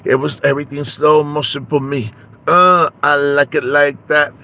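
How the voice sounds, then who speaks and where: With a fairly high, level, sharp-toned voice at a moderate pace, a man plays a vlog character: a shameless, brassy young Tejana woman. She gossips and switches languages in this comedic confessional monologue.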